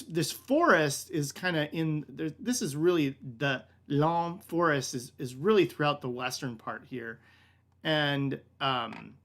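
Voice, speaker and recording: Here an American man who directs a wine shop leads a casual online tasting lesson in a slightly high, somewhat bright voice. He's loose and rambling, calling listeners "man" and leaning on "like," "kinda" and "um."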